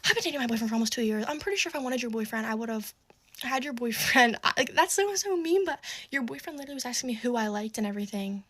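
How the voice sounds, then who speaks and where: A teenage girl telling a story in a casual, exasperated way, full of "like" and quick asides. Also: fairly high pitch, fairly bright tone. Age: teens. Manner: fast, exasperated, heavy use of "like".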